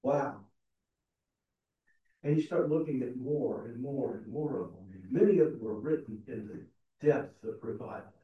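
A pastor in a church sanctuary preaches a conversational, self-deprecating sermon, his medium-pitched voice unhurried as he often restarts sentences. The recording sounds roomy, distant, and dull.

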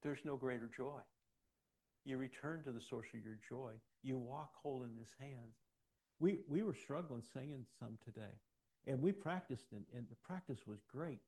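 A man's voice: medium pitch, normal speed, dark tone, breathy edge. A man preaching a sermon to his congregation, emphatic and exhorting, repeating his key phrases. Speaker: pastor.

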